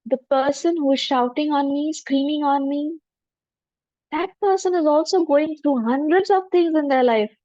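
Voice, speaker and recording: A woman, a spiritual teacher leading a guided forgiveness meditation in a gentle, humble voice with repeated affirmations. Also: high-pitched, moderate pace, no room sound. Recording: dull lo-fi dry recording.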